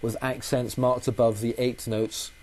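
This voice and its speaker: A man's voice: mid-range voice, flat delivery, a little slow, a little mellow. A man, a guitar teacher explaining technique patiently and methodically, often repeating key phrases.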